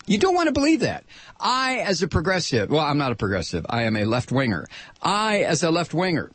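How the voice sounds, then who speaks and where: A man's voice: on the high side, slightly rough, no room sound. An older man hosting a talk radio show, delivering a combative, sarcastic monologue.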